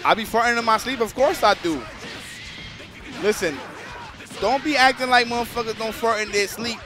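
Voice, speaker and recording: A man's voice: very high voice, moderate pace, over music. A man casually commentating a live stream, joking crudely and talking straight to the chat.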